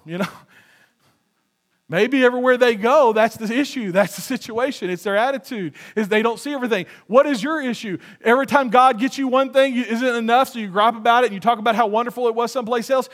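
A male pastor delivering a sermon with an unusually high-pitched voice. He preaches conversationally, poking fun and chuckling at his own jokes between points. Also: a bit bright.

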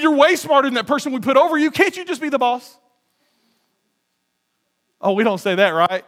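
A male pastor delivering a sermon with an unusually high-pitched voice. He preaches conversationally, poking fun and chuckling at his own jokes between points. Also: lively intonation, brisk, long pauses, fairly bright tone.

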